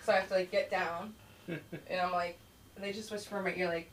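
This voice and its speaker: A woman's voice: medium pitch, fairly even intonation, fast, fairly bright tone. A woman doing a rambling stand-up set at an open mic, acting out kids and herself in voices. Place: small comedy club stage. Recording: distant room mic with faint noise.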